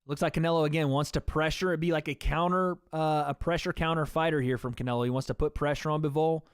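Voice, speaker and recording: A man's voice: fairly high pitch, steady tone, quick pace, clean tone, no echo, clean studio sound. A man hosting a livestream, giving casual play-by-play commentary on a fight and chatting to his viewers as guys. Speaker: livestream host.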